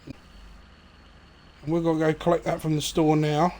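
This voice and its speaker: A man's voice: fairly high pitch, takes it slowly, a little hiss or hum. A man giving casual, rambling commentary on a farming game he streams, full of ums and asides. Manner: relaxed, rambling, many fillers. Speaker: gaming streamer. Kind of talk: casual let's-play commentary.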